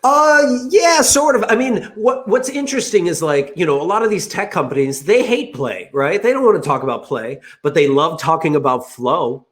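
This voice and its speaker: A man with a slightly high voice talks with lively energy on a video call, acting out the voices in his stories. He fills his speech with casual asides and quick restarts. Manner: animated, acts out people's voices, many fillers like "you know". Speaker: guest speaker on play at work. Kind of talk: energetic conversational interview answers.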